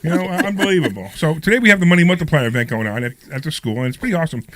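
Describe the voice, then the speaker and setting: A man's voice: a little high, lively intonation, racing, a crowd in the background. A man hosting a radio talk show, with a nasal voice and a cough from a cold, joking and rambling in a casual chat. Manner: joking, rambling, self-mocking. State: getting over a cold, coughing. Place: radio studio.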